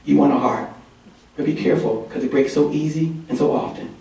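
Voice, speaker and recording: A man's voice: mid-range voice, a little fast, gravelly, dark tone, lightly acted. A man speaking as a wise, reassuring male wizard during a conference talk, heard from far off in an echoey hall. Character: smooth-talking male wizard giving advice.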